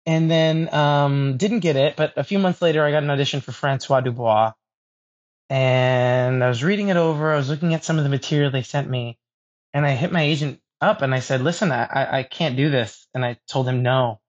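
A man's voice: medium pitch, a little fast. A young man, a stage actor, chatting as an interview guest in a self-deprecating way with frequent laughs and restarts. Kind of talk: casual interview chat. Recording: dull lo-fi sound.

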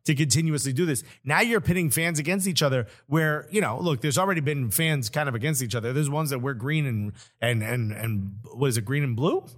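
A man's voice: mid-range voice, brisk, few pauses. A man co-hosting a podcast, talking football in loose, slangy, jokey banter. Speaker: podcast co-host. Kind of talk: casual chat.

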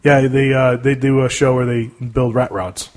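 A man hosting a podcast, joking around in casual chat with dark humor. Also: medium pitch, level tone, normal speed. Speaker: podcast host.

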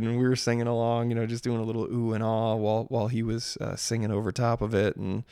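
A man's voice: medium pitch, flat delivery, fairly quick, few pauses, darkish tone, clean tone, no room sound, studio quality. A man from Maryland, a singer-songwriter in his thirties, chatting casually and rambling, sarcastic about spam messages. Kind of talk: casual chat.

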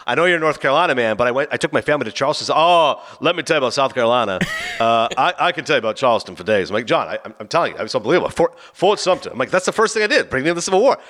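A man rattles through a casual podcast story at a fast clip, his pitch leaping all over as he acts out who said what. His voice is bright and forward, a touch above the usual man's pitch, and he trips into quick stammering restarts when excited. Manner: animated anecdote teller, acts out his own and others' quoted lines.

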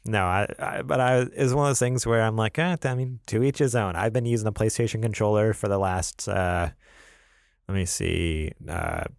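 A man's voice: fairly low pitch, moderate pace, creaky, no echo, clean studio sound. A man co-hosting a casual podcast, rambling and laughing, with many fillers. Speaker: podcast co-host. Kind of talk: casual chat.

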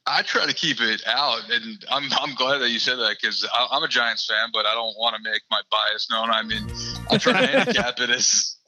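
Bright-voiced man, halting and casual. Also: medium pitch, lively intonation, faint music behind, low-quality recording. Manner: halting, repeats his starts, casual cursing. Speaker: sports betting guest. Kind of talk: casual podcast interview.

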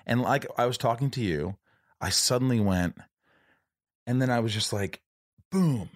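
A man's voice: mid-range voice, moderate pace, dry recording, clean studio sound. A man hosting a podcast, telling a personal story in casual chat and acting out the dialogue. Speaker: podcast host.

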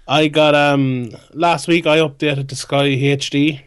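A man's voice: a little high, steady tone, measured pace, clean tone, no room sound, clean studio sound. A man from West Limerick with a Limerick Irish accent, co-hosting a podcast in an easygoing, rambling, enthusiastic way. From West Limerick, Ireland. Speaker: podcast co-host. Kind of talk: casual chat.

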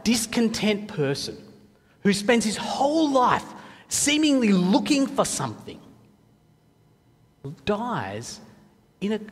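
Reflective male preacher in a reverberant hall. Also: high voice. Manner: reflective, conversational teaching with frequent restarts. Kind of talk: sermon. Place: church.

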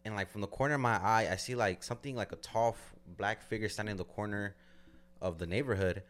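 A man with a very low voice tells a story on a podcast in loose, casual talk. He swears freely and fills his sentences with "like", and his voice climbs high whenever he acts out other people. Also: fast, a bit bright. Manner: loose, profane storytelling with frequent "like" fillers. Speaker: podcast co-host.

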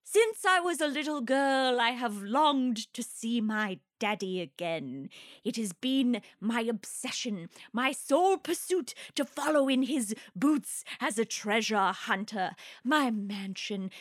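A woman's voice: a little high, no echo, studio quality. A woman doing a haughty, grandiose rich treasure hunter. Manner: theatrical, grandiose speech. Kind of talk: comic improvised monologue.

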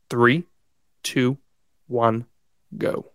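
A man's voice: mid-range voice, steady tone, drawn-out words, fairly bright tone, clear, resonant tone, no echo. A man co-hosting a podcast and running a true-or-false game, with upbeat, playful game-show patter on a studio mic. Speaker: podcast co-host and quiz master.

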